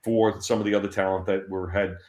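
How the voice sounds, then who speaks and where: A man being interviewed, telling animated anecdotes and laughing often. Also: low-pitched, a little fast. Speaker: interview guest. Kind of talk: storytelling in an interview. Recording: roomy echo.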